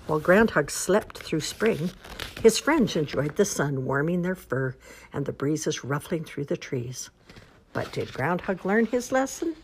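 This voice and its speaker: Woman reader for a children's storybook, low voice, very animated pitch, slow expressive telling. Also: slight background noise. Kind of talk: children's storybook read-aloud.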